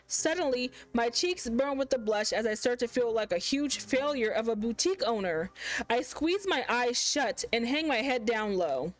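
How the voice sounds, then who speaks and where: A woman's voice: fairly high pitch, animated, normal speed, faint music behind, low-quality recording. A woman hosting a gaming channel, reading a visual novel aloud in the first person and chatting about it expressively.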